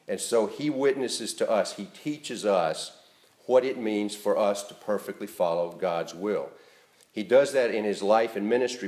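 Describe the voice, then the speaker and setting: A male pastor giving an earnest, emphatic sermon that rises in stress and then drops to a soft, quiet close. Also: on the low side, reverberant. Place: church.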